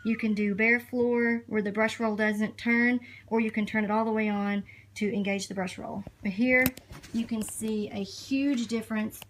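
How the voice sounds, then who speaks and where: A woman's voice: a little high, steady tone, moderate pace, low-quality recording. A woman giving a casual product demonstration, explaining features in a plain conversational way. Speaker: product reviewer.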